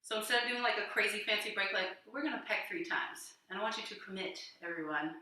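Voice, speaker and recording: A woman's voice: medium pitch, fast, bright, forceful tone, recorded from a distance. A woman teaching a livestreamed dance class, counting and scatting rhythms as she dances and talking between sets with encouragement, a little out of breath. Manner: counts and scats rhythms aloud while dancing. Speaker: dance instructor. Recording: echoey room, voice from off-mic.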